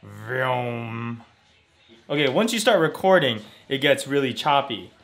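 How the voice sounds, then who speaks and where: A man with a bright, sharp voice chats through a casual home vlog. His pitch sits a little high and swings a lot as he talks, and he breaks into laughter often. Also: big pitch swings, a little fast. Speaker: vlogger.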